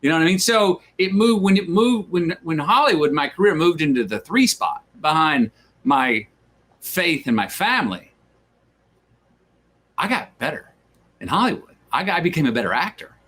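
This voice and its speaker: Animated storytelling man, slightly high voice. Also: normal speed. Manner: animated storyteller who acts out quoted voices. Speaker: interview guest. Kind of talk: casual conversation.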